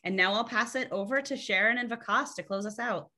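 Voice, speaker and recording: A woman's voice: mid-range voice, bright, forceful tone. A woman facilitating a town hall, thanking facilitators and handing over to the closing speakers. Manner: quick and upbeat, handing off.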